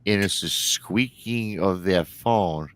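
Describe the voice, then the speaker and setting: Chatty low-voiced man telling a story. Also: slow, no echo. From Michigan, United States. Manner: chatty, colloquial, repeats "he goes" while retelling. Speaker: livestream host. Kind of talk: storytelling on a livestream show.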